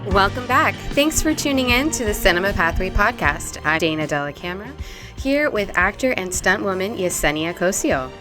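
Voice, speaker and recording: A woman's voice: medium pitch, very animated, normal speed, over music. A woman hosting a podcast, welcoming listeners back and asking her guest friendly questions. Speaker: podcast host. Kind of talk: podcast interview.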